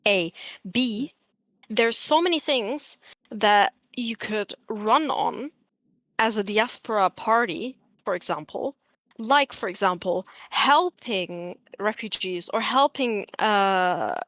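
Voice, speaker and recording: A woman's voice: medium pitch, animated, slow pace, fairly bright tone, dry recording. A woman of Arab diaspora background arguing in a heated online debate, blunt and profane, talking over others to lecture.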